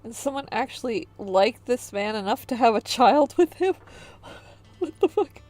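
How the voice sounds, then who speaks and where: A woman's voice: a little high, normal speed, a little mellow. Blunt, swearing woman streamer. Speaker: streamer reading webcomics. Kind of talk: casual live-stream commentary.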